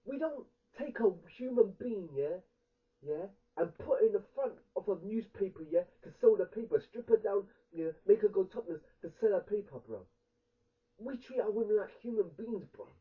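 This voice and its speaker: A man's voice: sits high, lively intonation, normal speed, husky. A young man with a London accent ranting angrily in a heated street argument, repeating himself as he hammers each point. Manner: angry, ranting, repetitive. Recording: tinny lo-fi recording from a distance.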